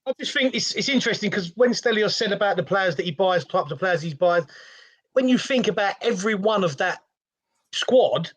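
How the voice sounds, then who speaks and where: A man with a high voice, chatting about football as co-host. He keeps things jokey and light. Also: lively intonation, fairly quick, fairly bright tone. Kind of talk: casual football chat.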